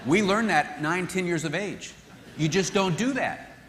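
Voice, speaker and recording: An animated man teaches a marriage seminar in a fairly high voice and acts out what spouses say. His voice carries a long reverb from a large hall. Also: a little slow, noisy background.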